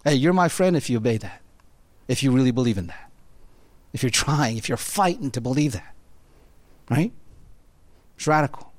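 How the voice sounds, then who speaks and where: A man's voice: mid-range voice, normal speed, long pauses, no room sound. A man preaching a sermon in a conversational way, often checking in with his listeners by asking "right?". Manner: animated, conversational preaching with constant "right?" tag questions. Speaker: pastor.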